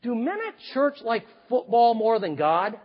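A man's voice: extremely high pitch, animated, unhurried, big-room sound, lo-fi sound, pitched above the performer's own voice, heavily acted. A man doing a pensive little boy. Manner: pensive, thoughtful. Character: pensive small boy of four or five.

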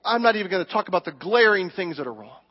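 High-voiced, animated preacher man. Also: fast. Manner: animated, emphatic storytelling with acted quotes. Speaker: pastor. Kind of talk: sermon. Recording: dull recording with long hall reverb.

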